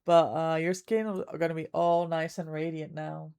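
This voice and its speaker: A woman's voice: sits low, flat delivery, moderate pace, darkish tone, clean tone. A woman livestreamer chatting casually with her viewers while she plays, thanking them by name as she goes.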